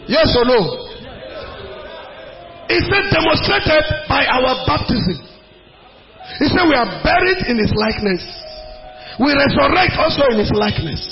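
High-voiced Nigerian pastor preaching. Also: male voice. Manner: emphatic, repetitive, rising to shouts. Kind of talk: preaching a sermon. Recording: dull lo-fi recording, faint hiss.

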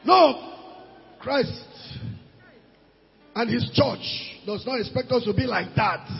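A man with a Nigerian English accent preaching a sermon, animated, breaking into shouts and pidgin asides. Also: very high voice, gravelly. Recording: dull recording in a reverberant hall.

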